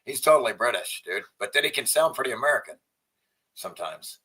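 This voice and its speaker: Bright voiced guy ranting and cursing at clips, mocking loud bits. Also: medium pitch, expressive, brisk, breathy edge. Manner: loud mocking outbursts, swearing, jokey voices. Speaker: host reacting to clips. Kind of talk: profane reaction commentary.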